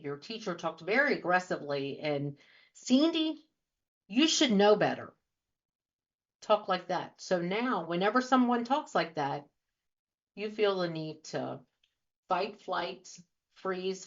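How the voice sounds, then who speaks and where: Earnest woman coaching on radio. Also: fairly low pitch. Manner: earnest, repetitive rhetorical questions. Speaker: trauma and life coach, show host. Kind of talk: radio talk show monologue. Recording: dull lo-fi audio.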